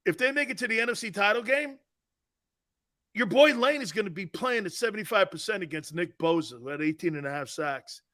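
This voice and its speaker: A brash sports talk radio host with a high, bright, forceful voice. He argues his points emphatically and laughs off other opinions, peppering his talk with "man" and "dude.". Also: lively intonation, a little fast. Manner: argumentative, laughing off callers' views.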